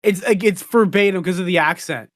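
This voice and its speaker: A man in casual podcast chat, excitable and joking. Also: sits high, brisk, no room sound, clean studio sound.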